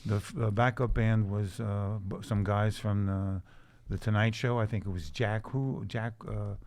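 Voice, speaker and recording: Low-voiced older man telling rambling stories. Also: fairly even intonation, darkish tone, no echo. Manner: rambling anecdotes with restarts, quick laughs. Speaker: guest comedian and musician. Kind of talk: casual storytelling chat. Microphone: studio podcast mic.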